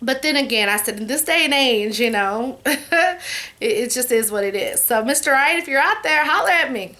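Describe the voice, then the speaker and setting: Woman, 40s, high bright voice, chatty Q&A vlogger. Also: animated, a little fast. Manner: chatty, warm-hearted, says "y'all" and "you know" often. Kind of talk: casual Q&A chat to camera.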